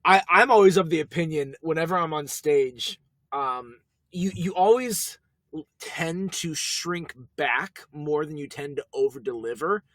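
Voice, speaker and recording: A man's voice: on the high side, measured pace, a bit bright, no echo. A man co-hosting a podcast in casual chat, tossing in joking, self-mocking banter. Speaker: podcast co-host.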